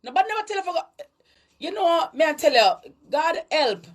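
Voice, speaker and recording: A Jamaican woman with a high voice delivers a preachy monologue of social commentary. She talks emphatically and lectures her listeners. Now and then she drops into patois. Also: sing-song, normal speed. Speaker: online commentator.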